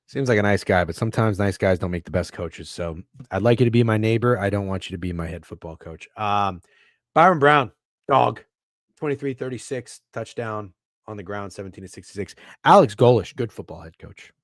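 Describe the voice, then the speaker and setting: A man's voice: on the low side, animated, brisk, dry recording, clean studio sound. A man co-hosting a sports betting podcast in a casual, rambling way, swearing and getting worked up when he defends his takes. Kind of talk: casual chat.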